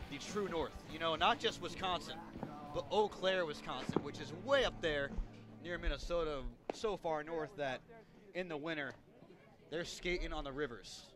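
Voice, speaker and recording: A man calling baseball play-by-play, relaxed and chatty, lifting his voice on big plays. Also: a little high, normal speed, over music. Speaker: play-by-play announcer.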